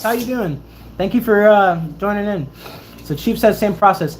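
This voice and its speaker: A woman's voice: mid-range voice, measured pace, long pauses, a little hiss or hum, rough recording. A woman in her twenties, a Navy sailor, chatting casually on a livestream Q&A and telling stories with lots of laughter. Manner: animated, laughing storyteller.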